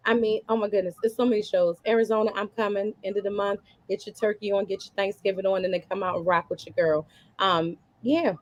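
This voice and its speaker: A woman hosting and comedian, running a lively podcast chat over a video call with hyped, repetitive call-outs to the audience. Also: medium pitch, fairly quick. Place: Baltimore.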